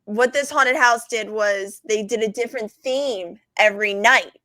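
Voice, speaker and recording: Woman guest, high voice, dry close mic; animated storyteller who swears freely. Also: measured pace, no room sound. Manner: animated, swears freely, laughs between lines. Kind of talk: casual storytelling.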